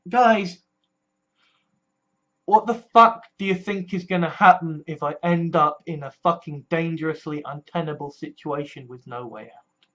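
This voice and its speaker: A frightened vlogger speaks straight to camera, voice mid-pitched and unsteady. The talk comes in halting bursts full of swearing and restarts, the sound of someone genuinely scared. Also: a bit bright. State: scared and distressed. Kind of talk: personal political vlog.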